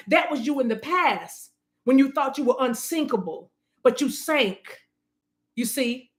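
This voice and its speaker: A woman gives a spiritual love reading in a slightly high voice. She preaches fervently and hammers her points home through repetition. Every so often she slips into speaking in tongues. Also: expressive, a little slow. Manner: fervent, preachy, repeats phrases for emphasis. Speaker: spiritual reader. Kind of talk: intuitive love reading monologue.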